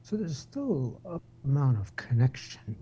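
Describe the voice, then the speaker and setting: A man panelist talking quietly in a hushed near-whisper. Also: mid-range voice, big pitch swings, a little slow, breathy edge. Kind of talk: whispered chat.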